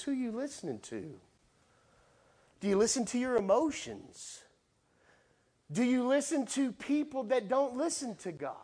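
A middle-aged male pastor preaching a sermon, animated, with playful acted asides to the congregation. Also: a little high.

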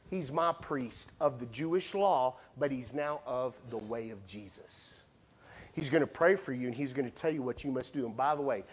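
A man voicing Jesus speaking to Saul in a low, hushed, measured way during a sermon. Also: husky.

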